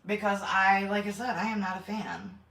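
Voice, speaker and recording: In a casual livestream from her kitchen, a middle-aged woman who hosts a homestead channel chats bluntly, swears, and greets viewers by name. Her mid-range voice has fairly even intonation and a fairly bright tone at a normal speed. Faint noise, a distant mic, and an echoey room mark the recording.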